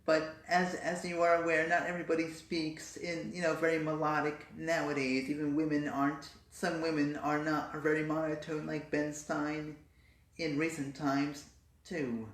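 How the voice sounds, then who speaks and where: A woman's voice: low-pitched, level tone, normal speed. A woman in a casual vlog, explaining and demonstrating voice techniques. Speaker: vlogger. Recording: roomy echo.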